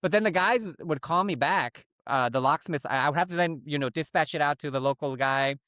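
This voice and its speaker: Here the same podcast co-host speaks a little high and a little fast, his delivery pushed and bright. He's telling a story in casual chat, slipping into put-on voices to play out phone calls. It's a dry, studio-quality recording.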